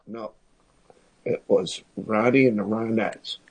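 A man co-hosting a casual chat from his sister's kitchen table, speaking haltingly with many restarts. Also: on the low side, fairly even intonation, a little mellow, husky, rough recording. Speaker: podcast co-host.

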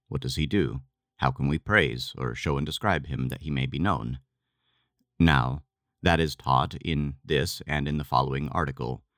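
A man giving a measured, deliberate scripted reading of a religious text. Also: rumbling low, no echo, studio quality. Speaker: reader.

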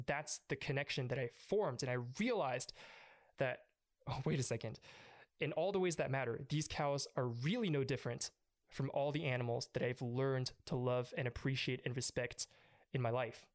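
A man's voice: mid-range voice, brisk. A young man earnestly recounting an emotional personal story as an interview guest. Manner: earnest, emotional, with frequent restarts.

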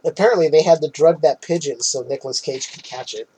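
Podcast co-host, man, slightly raised pitch, breathy edge, lively recap with laughs. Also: fast. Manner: animated, laughs often, swears freely. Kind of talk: casual movie recap chat.

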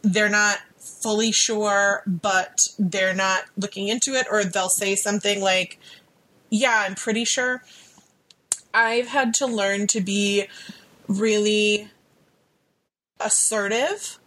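A woman's voice: medium pitch, steady tone, slow, fairly bright tone, poor audio. A woman co-hosting a podcast, chatty and joking in casual conversation. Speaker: podcast co-host.

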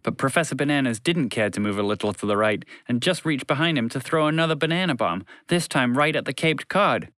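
A man's voice: mid-range voice, animated, brisk, hardly any pauses, fairly bright tone, no echo, clean studio sound. A man narrating a children's story in a playful, teasing way, answering interruptions as he goes.

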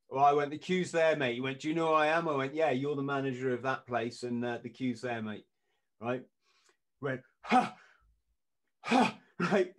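A middle-aged man, a podcast guest telling stories in casual chat and acting out what people said. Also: medium pitch. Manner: lively anecdotes, acting out quoted lines in punchy bursts.

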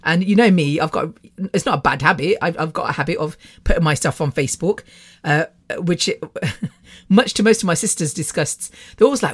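A woman's voice: sits low, fairly quick, husky. Middle-aged British woman, casual podcast host, rambling storyteller. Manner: chatty, rambling, laughs often. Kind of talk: casual personal monologue.

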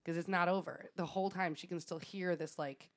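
Lower-voiced woman telling a story. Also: a little fast. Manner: laughing, swearing, animated retelling. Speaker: podcast co-host. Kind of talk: casual storytelling chat.

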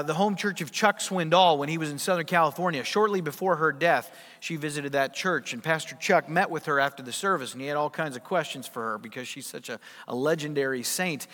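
Emphatic male pastor in an echoing hall. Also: a little high. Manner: emphatic, rhetorical questions, big swings in loudness. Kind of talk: sermon.

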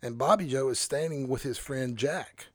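Animated male pastor telling a story. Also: medium pitch, moderate pace, dry recording, studio quality. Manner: animated, self-interrupting, chuckles through his story. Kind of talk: casual storytelling on a podcast.

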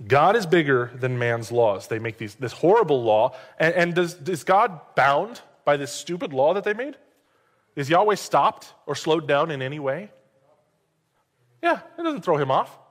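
A male pastor giving a sermon in a conversational, joking way, with quick asides to the congregation. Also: fairly high pitch, sing-song. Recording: long hall reverb.

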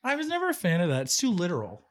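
A man co-hosting a podcast in casual comedic chat, campy and bubbly, with quick quips. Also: high-pitched, huge pitch swings, a bit bright. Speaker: podcast co-host.

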